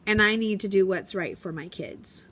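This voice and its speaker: A woman's voice: medium pitch, normal speed, fairly bright tone. A young woman teacher talking to a phone camera in her classroom in a chatty, rambling way, acting out what her pupils said. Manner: chatty, rambling, acts out quotes in voices. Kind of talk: casual vlog chat. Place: school classroom.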